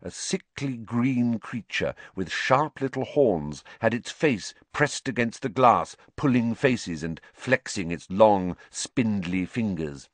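Male audiobook narrator, lowish voice, lively, dry close sound. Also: slow pace, hardly any pauses, no echo. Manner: lively character reading.

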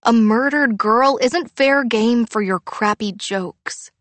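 A woman's voice: fairly high pitch, slow, fairly bright tone, no echo, pitched above the performer's own voice. A woman voicing a serious, sensible teenage girl who speaks sharply when annoyed.

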